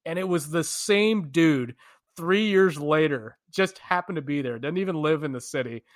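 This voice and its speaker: A man's voice: fairly high pitch, moderate pace. A man, a podcast co-host from the United States, animatedly telling travel stories in a casual chat, laughing often.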